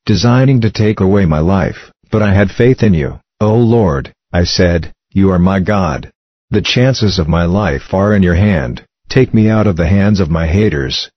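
A man reading psalms aloud in a steady, measured recited cadence. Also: sits low, no echo. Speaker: scripture reader. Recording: dull, lo-fi dry recording.

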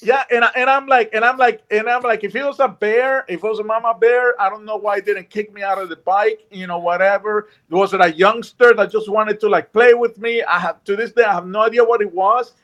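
A man telling a personal story in casual chat, animated and acting out what people said. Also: high-pitched, a little fast, hardly any pauses, lo-fi sound. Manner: animated, acts out quotes.

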